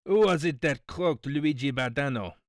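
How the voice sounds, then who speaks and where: A man playing a hoarse, leering gangster. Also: on the high side, normal speed, no echo, pitched above the performer's own voice, natural voice. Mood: menacing. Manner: leering, threatening. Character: big menacing male gangster, hoarse. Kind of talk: audiobook character voice.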